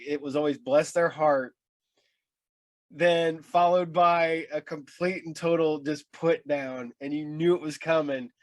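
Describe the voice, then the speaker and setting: A podcast host asks his questions haltingly, tripping over restarts and fillers before he gets there. His voice sits slightly high for a man, and the recording is close and dry, with no room sound. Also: no echo. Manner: halting, many repeated starts and fillers. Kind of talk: casual interview. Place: at home with his dog.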